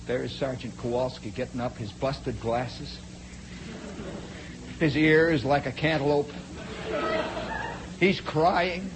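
A man telling a long first-person story in a dramatic, animated way, jumping from loud bursts to hushed asides and speaking straight to his listeners. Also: medium pitch, takes it slowly, long pauses, background noise. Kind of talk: spoken storytelling monologue.

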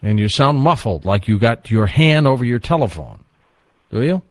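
A man hosting a late-night call-in radio show, talking in a relaxed, chatty way with callers. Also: medium pitch, moderate pace, dry recording. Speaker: radio talk show host.

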